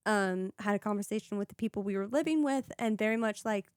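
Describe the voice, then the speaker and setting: A woman's voice: mid-range voice, fast, smooth, no echo, studio quality. A young woman guest on a podcast, telling her own story in a casual, earnest, rambling way, full of "like" and "you know". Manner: earnest, rambling, heavy use of "like". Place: podcast studio.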